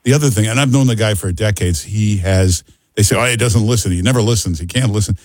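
A man's voice: lowish voice, quick pace, a little mellow, dry recording. A man hosting a call-in radio talk show, emphatic and joking, repeating himself for effect.

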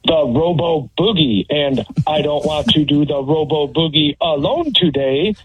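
A man's voice: fairly high pitch, measured pace, highs cut off, slight background noise. Man doing a beeping robot voice. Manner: stiff beeping robot impression. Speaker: prank caller. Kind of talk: robot voice prank call.

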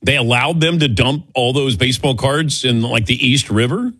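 In his sixties, a man hosts a radio sports call-in show, chatting casually with callers, poking fun at himself and laughing a lot. His voice is medium-pitched, fairly bright and slightly rough, at a moderate pace, in a dry recording.

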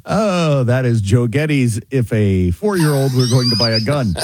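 A man's voice: mid-range voice, normal speed, noisy background. A man co-hosting a talk radio show, chatting wryly. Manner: animated, chatty, wry. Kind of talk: casual talk radio banter.

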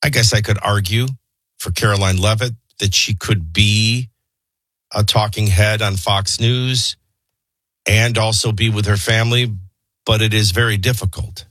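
Male morning radio host, husky, low-ish voice, opinionated and wry, dry studio mic. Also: fairly even intonation, measured pace, fairly bright tone, dry recording. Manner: opinionated, conversational, sarcastic asides. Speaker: radio talk show host. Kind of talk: morning radio talk and news rundown. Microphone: studio microphone.

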